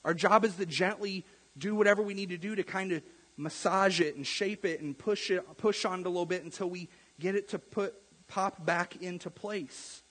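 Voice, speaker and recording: Male pastor, earnest sermon delivery, husky tone, reverberant church room. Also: high voice, fairly even intonation, moderate pace. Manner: earnest preaching, rising louder on key points then dropping soft. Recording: long echo of a large hall.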